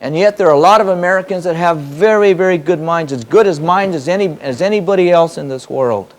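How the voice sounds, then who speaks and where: A man's voice: on the high side, brisk. A man giving a spoken teaching to a live audience, emphatic and repetitive, firing off rhetorical questions. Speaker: spiritual teacher. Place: hall in front of an audience.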